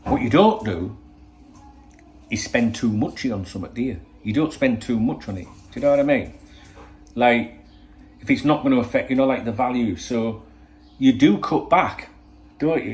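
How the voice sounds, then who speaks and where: A man hosting a football channel, talking in a rambling, swear-laden opinion monologue full of rhetorical questions. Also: mid-range voice.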